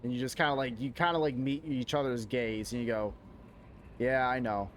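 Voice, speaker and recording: A man's voice: medium pitch, fast talker, a little hiss or hum. A man streaming a video game, chatting casually, laughing often and cursing at the game under his breath. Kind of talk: casual chat while gaming.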